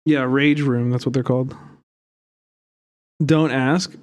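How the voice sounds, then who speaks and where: A man's voice: mid-range voice, steady tone, takes it slowly, darkish tone, clear, resonant tone. A young man streaming live, giving heated, rambling commentary and swearing often.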